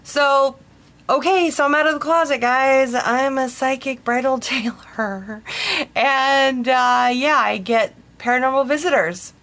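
Chatty lady podcaster, slow unhurried talk, lots of likes and you-knows, jumps way up when quoting folks. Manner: chatty, rambling, with frequent fillers and restarts; lively, jumps high in pitch when quoting people. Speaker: podcast host, bridal tailor. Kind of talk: casual storytelling monologue.

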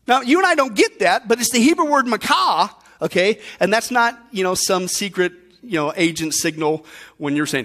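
A pastor preaching a sermon with emphatic rhetorical questions that swing between bursts and hushed asides. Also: male voice, sits high, expressive, a little fast.

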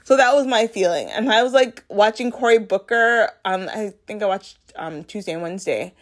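A young adult woman hosting a casual solo podcast. She talks in a chatty, animated way, full of fillers and self-corrections, and acts out her own reactions with big jumps in pitch. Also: moderate pace. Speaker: podcast host. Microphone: home podcast mic.

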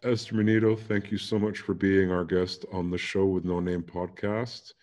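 Man, podcast host, lowish pitch, joking, casual chat. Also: level tone, moderate pace, darkish tone. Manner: jokey, thanking and wrapping up.

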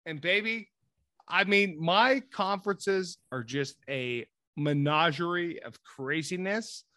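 A man co-hosting a casual sports podcast, animated and profane, jumping from mumbled asides to loud excited pitches. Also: takes it slowly, no echo, clean studio sound. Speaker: podcast co-host.

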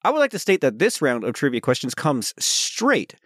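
A man's voice: medium pitch, moderate pace, dry recording, studio quality. A man co-hosting a comedy podcast, playfully running a trivia segment. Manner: playful, animated, goofy. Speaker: podcast co-host, trivia quizmaster. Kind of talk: casual chat, running a trivia game.

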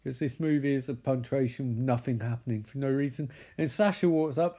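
A man's voice: medium pitch, fairly quick, dark tone. A man sarcastically recapping and mocking a horror movie.

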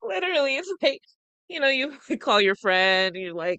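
A woman's voice: high voice, big pitch swings, normal speed, pushed and bright, smooth, dry recording, lo-fi sound. A woman co-hosting a casual gossip podcast, mocking and profane, laughing often. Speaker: podcast co-host.

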